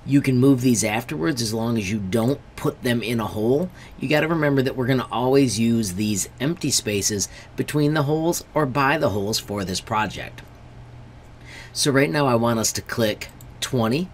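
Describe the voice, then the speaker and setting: A male teacher walks through a screen-recorded tutorial step by step, friendly throughout and stressing warnings. He keeps calling his listeners "friends." His mid-range voice is animated at a moderate pace, with a little hiss or hum in the background.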